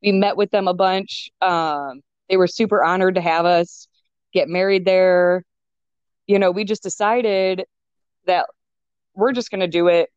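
A young woman talking in a casual chat as a guest, chatty and quick to laugh, on a dull lo-fi recording. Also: on the low side, steady tone, darkish tone, clean tone, no room sound. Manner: chatty, laughs often, many fillers. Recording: dull lo-fi sound.

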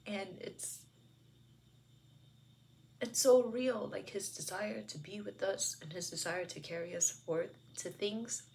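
A woman giving an earnest, reflective Bible commentary, speaking softly and sometimes slipping into a whisper. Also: medium pitch, fairly even intonation, slow, vocal fry, a little hiss or hum. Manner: soft-spoken, earnest, heavy use of "like" and "you know"; drops into a whisper at times. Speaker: devotional video host.

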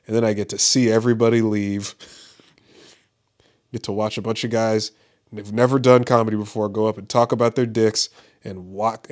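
A man who does stand-up, ranting casually and profanely, rambling with lots of "like" and frequent laughs. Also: lowish voice. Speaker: stand-up comedian. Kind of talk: casual podcast-style rant. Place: Los Angeles area.

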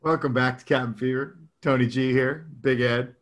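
A man's voice: mid-range voice, fairly even intonation, moderate pace. A man in his thirties or forties co-hosting a podcast in casual, rambling chat, laughing often as he talks. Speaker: podcast co-host.

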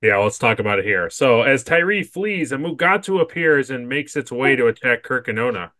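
A man's voice: mid-range voice, lively intonation, normal speed, sharp tone, no room sound. A man co-hosting a podcast, chatting casually with a friend and reading plot summaries aloud, laughing often and stammering when he gives his own opinions. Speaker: podcast co-host. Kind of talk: casual chat and reading episode recaps.

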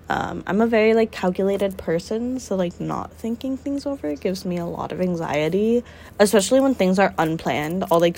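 Blunt, animated young woman podcaster. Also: medium pitch, a little hiss or hum. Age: young adult. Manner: animated, blunt, swears and jokes. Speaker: podcast co-host. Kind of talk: casual chat.

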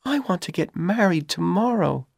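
A man's voice: sits high, expressive, normal speed, vocal fry, slightly rough, no room sound, studio quality, voice pushed up, full character voice. A man with a Persian accent voicing an anxious young woman student, raising his voice to sound pleading and fragile. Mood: nervous. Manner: pleading, tearful.

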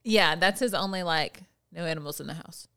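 A woman's voice: lowish voice, a little fast, sharp tone, clean tone. A middle-aged woman co-hosting a podcast, chatting in a bubbly, gushing, self-deprecating way. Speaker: podcast co-host. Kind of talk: casual podcast chat.

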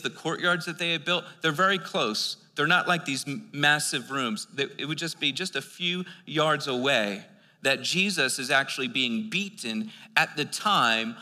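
A man's voice: on the high side, pushed and bright, in a large hall. An American man preaching a sermon, reading scripture and breaking into casual, chatty explanations. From United States. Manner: reads scripture then explains it in casual asides; conversational, with filler words and restarts.

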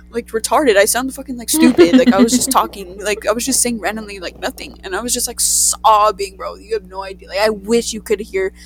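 A young woman casually telling a story to friends, animated and profane, acting out the voices in it. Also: mid-range voice, fairly quick, few pauses, noisy background. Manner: animated, profane, acts out quotes. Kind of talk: casual chat.

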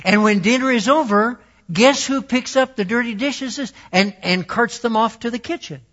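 High-voiced, chatty male preacher. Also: normal speed, a bit bright. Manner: conversational, self-deprecating, laughing asides. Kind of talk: sermon. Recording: dull lo-fi recording.

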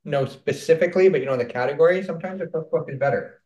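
A man from Canada co-hosting a casual chat while baking, speaking in a measured, hesitant way with many ums. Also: on the high side, a little mellow, roomy sound. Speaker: podcast co-host.

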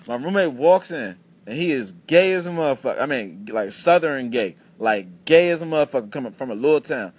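A man's voice: medium pitch, moderate pace, slightly rough. A man in his twenties hosting his own podcast, telling stories in a casual, profane rant full of restarts. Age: 20s. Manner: animated, profane storytelling with many restarts. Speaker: podcast host.

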